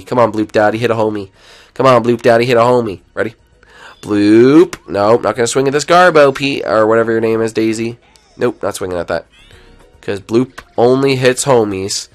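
Excitable young man streaming a game. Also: on the low side, a little fast, soft background music. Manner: excitable, chatty, jumps between loud outbursts and mutters. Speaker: gaming live streamer. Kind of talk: live gameplay commentary.

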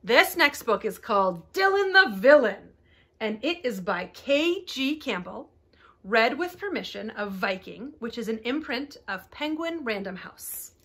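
Woman, librarian, children's storytime reading, expressive, high voice, unhurried. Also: husky. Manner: animated and expressive, speaks to young children.

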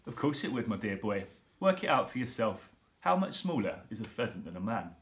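A man's voice: fairly low pitch, sing-song, brisk. A man reading aloud and voicing an affectionate father carried away by his own plan. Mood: reassuring. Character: doting father, dreamy and enthusiastic.

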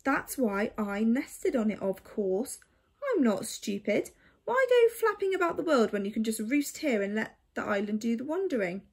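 A woman voicing a grumpy, pompous old male albatross with a creaky voice in a storybook reading. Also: fairly high pitch, very animated, normal speed, a little mellow, exaggerated voice. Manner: lofty, grumbling.

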